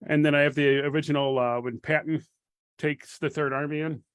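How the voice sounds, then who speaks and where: A man's voice: a little high, steady tone, fairly quick, clean tone. A man chatting on a podcast, telling stories eagerly and with enthusiasm. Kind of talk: casual chat.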